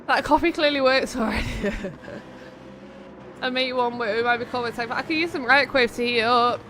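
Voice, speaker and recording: Bright, high-voiced chatty woman. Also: normal speed, a little hiss or hum. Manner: chatty, playful, excitable during close racing. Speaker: race host and commentator. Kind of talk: live-stream race commentary and chat.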